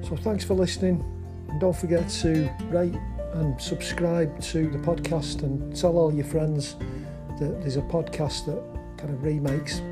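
A man's voice: a little high, steady tone, measured pace. A man co-hosting a podcast, giving a rambling sign-off that loses the thread of its sentences. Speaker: podcast co-host. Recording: music bed under the voice.

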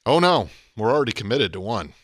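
A man's voice: mid-range voice, sing-song, fairly quick, no room sound, clean studio sound. A man co-hosting a casual wrestling podcast, opinionated and emphatic, pushing his points hard. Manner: emphatic, opinionated, rises sharply on key points. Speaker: podcast co-host.

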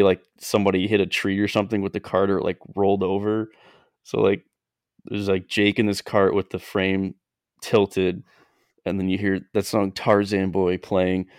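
A man's voice: deep voice, darkish tone, no room sound, clean studio sound. A man co-hosting a casual chat, telling a story with lots of fillers and frequent laughs. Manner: rambling, laughs often, many "like" fillers. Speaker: podcast co-host.

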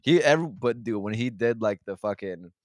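Animated and a little mellow, a young podcast host's low voice carries a rambling, profanity-filled story in casual chat. He restarts sentences constantly and does quick impressions of the people involved, recorded close and dry with no echo.

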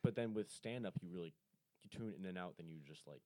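Young male amateur comic, very low voice, quick hesitant chatter. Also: a little mellow, no echo. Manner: hesitant, restarts, self-deprecating. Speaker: podcast co-host, amateur comedian. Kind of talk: casual chat. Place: studio.

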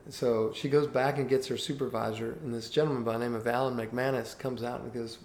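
An earnest man in his sixties tells his life story as a guest in an interview. His voice is mid-pitched and gravelly. The room is echoey, with a faint hiss behind him. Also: a little fast, few pauses. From Cuba. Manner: earnest, animated anecdote telling. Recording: roomy echo with faint background hiss.

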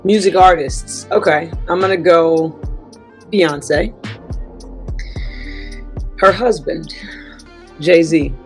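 A woman basketball coach, a guest on a podcast, giving relaxed, easygoing answers. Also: fairly low pitch, extremely slow, long pauses, soft background music. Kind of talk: podcast interview.

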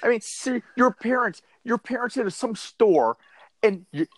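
A man's voice: very high-pitched, moderate pace, no echo. A man co-hosting a comedy podcast, riffing and swearing in a disbelieving, worked-up way. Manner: animated, profane, riffing incredulously. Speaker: podcast co-host.

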